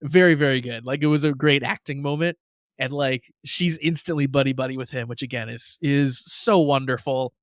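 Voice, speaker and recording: A man's voice: medium pitch, normal speed, dry recording, clean studio sound. A man co-hosting a podcast, talking in an enthusiastic, gushing way with lots of casual fillers. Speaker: podcast co-host. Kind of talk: casual chat.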